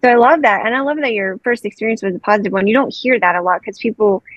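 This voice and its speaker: A woman's voice: medium pitch, quick pace, no room sound. Woman podcast host, enthusiastic, casual chat, muffled dry sound. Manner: enthusiastic, affirming. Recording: dull dry remote audio.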